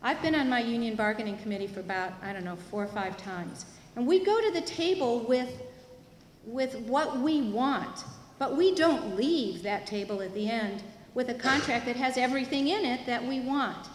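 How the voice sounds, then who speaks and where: A woman lecturing at a teach-in, her voice sitting a little high for a woman. She explains things clearly and with emphasis, asking questions and answering them herself. The sound rings with long reverb from a big hall. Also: expressive, moderate pace. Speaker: university labor educator. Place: large hall at a university student union. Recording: echoey hall, faint room noise.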